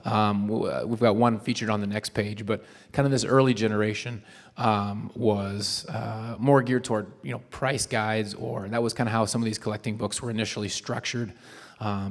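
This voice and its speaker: Croaky low-voiced guy rambling at a con panel, big echoey hall. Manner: rambling, self-correcting, friendly. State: hoarse. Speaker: panel speaker. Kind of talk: convention panel talk. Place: convention panel room. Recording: long hall reverb.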